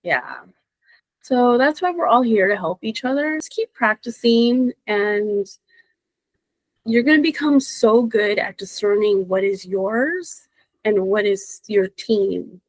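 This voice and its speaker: A woman intuitive reader in casual podcast chat, expressive and encouraging, laughing often. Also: mid-range voice, slow, no echo, poor audio.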